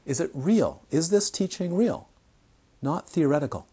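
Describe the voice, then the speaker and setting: Husky, animated male meditation teacher. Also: a little high, a little slow. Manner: animated storytelling, acts out quoted voices. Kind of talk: informal Dharma talk.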